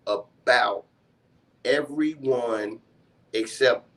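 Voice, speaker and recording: A man's voice: mid-range voice, extremely slow, vocal fry. A man on a talk show panel, speaking passionately and swearing often, then apologizing for getting carried away. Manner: passionate, swears a lot, apologizes after outbursts. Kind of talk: heated casual discussion.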